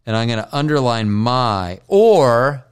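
A low-voiced man hosts his own podcast while high, drifting from joke to joke. He swears freely and keeps apologizing for himself in a loose, self-mocking ramble. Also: animated, a little slow. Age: older. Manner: profane, joking, self-deprecating. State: stoned. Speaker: podcast host.

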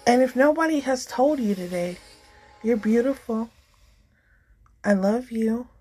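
Slow-talking woman podcast host. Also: fairly high pitch, husky, faint music behind, poor audio. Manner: warm, encouraging, rambling with many fillers. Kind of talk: casual heartfelt talk.

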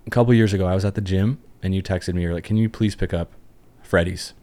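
A young man co-hosting a podcast, telling jokey, excitable stories in casual chat. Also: low-pitched, fast talker. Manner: animated storyteller, jokey and excitable. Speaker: podcast co-host.

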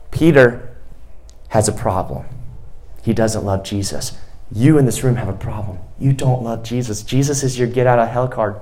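A man preaching a sermon to a youth group. He talks casually, then builds to loud, emphatic preaching and repeats lines for emphasis. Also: lowish voice. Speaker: youth pastor.

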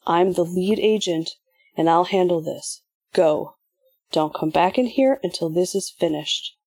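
A woman's voice: on the low side, unhurried, darkish tone, slightly rough, no room sound. A woman voicing a determined female lead agent who gives firm, stern orders in an audiobook. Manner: stern, commanding.

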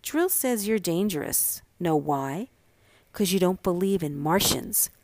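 A woman voicing an excitable, scheming little girl who talks eagerly and a bit whiny in a storybook reading. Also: on the low side, unhurried, dry recording. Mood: excited.

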